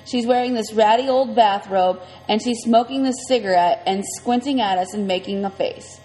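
A woman's voice: on the high side, normal speed, dark tone. A woman reading a first-person story aloud in a conversational, vivid way. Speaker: audiobook reader. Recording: long reverb, faint music.

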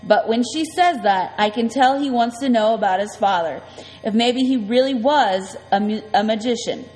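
A woman's voice: a little high, expressive, normal speed, a little mellow, long reverb tail, low-quality recording. A woman reading a first-person story aloud in a plain, conversational way. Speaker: audiobook narrator.

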